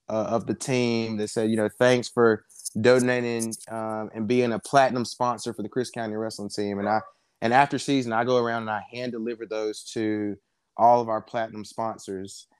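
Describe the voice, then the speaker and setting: A young man from South Georgia, a wrestling coach telling stories in a relaxed way, full of ums. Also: lowish voice, normal speed, clean tone, no room sound, clean studio sound. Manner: relaxed storyteller, many fillers. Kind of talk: casual interview chat.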